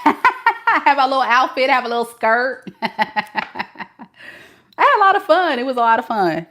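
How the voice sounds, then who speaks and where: A woman's voice: on the low side, fairly bright tone. A woman in her forties from Southern California with a light Southern twang, chatting casually with viewers and laughing often. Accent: Southern California with a light Mississippi twang. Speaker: tarot reader. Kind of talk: casual live-stream chat.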